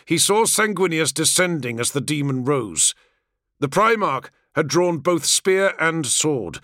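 Male narrator, slightly high and bright tone, dry close sound, measured dramatic reading. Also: very animated, no echo. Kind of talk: scripted audiobook narration.

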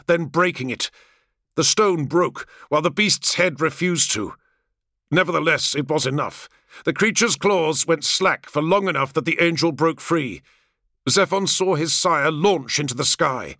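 Male narrator, slightly high and bright tone, dry close sound, measured dramatic reading. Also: dry recording. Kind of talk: scripted audiobook narration.

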